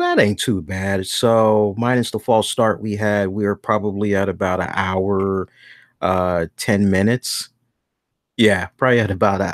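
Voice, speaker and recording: A man hosting a wrestling review show in a casual chat, animated and acting out the voices he quotes. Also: on the low side, no room sound, studio quality.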